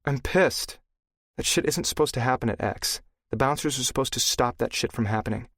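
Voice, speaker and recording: A hurt but tough young woman, played by a male narrator who answers in short, blunt lines. Her voice sits higher than his usual register but keeps a gravelly grain, and it is recorded dry and close for an audiobook. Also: fairly quick, fairly bright tone, dry recording. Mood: angry. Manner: blunt, clipped, swears when angry.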